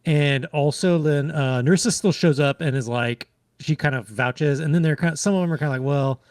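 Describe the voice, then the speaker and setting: A man's voice: a little high, brisk, a little mellow, dry recording, clean studio sound. A man co-hosting a podcast, chatting casually about a video game and retelling scenes with lots of fillers. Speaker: podcast co-host.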